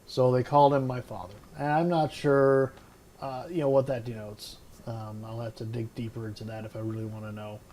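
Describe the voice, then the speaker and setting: Bible-study host, male, mid-pitched, unpolished and thinking out loud between verses. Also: flat delivery, fairly quick. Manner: reads scripture aloud, then muses with many fillers and restarts; admits unsure pronunciations. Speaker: podcast host. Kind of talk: casual Bible study talk.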